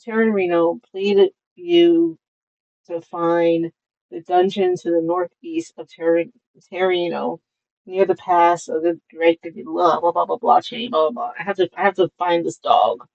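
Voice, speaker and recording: Slow-talking, low-voiced woman streamer. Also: darkish tone, highs cut off. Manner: rambling, with many fillers. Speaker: game streamer. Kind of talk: casual gameplay commentary.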